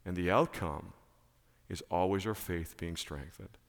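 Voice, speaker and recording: A male pastor preaching a sermon in church, emphatic and animated, repeating key phrases. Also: low voice, unhurried, creaky, long reverb tail.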